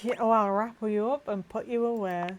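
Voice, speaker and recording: A woman playing a dating video game, joking with a dry, deadpan delivery. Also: mid-range voice, normal speed, slight background noise. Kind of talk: casual game commentary.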